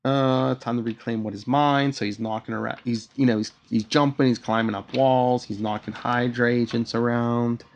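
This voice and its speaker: A man's voice: mid-range voice, fairly even intonation, normal speed, few pauses. A man co-hosting a podcast, casually recapping a comic and reading villain lines aloud with loose theatrical flair. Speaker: podcast co-host.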